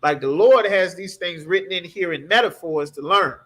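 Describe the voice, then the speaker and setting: A man's voice: high voice, moderate pace, bright, forceful tone. A man teaching a scripture class, preaching emphatically in a streetwise way and asking the class rhetorical questions. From United States.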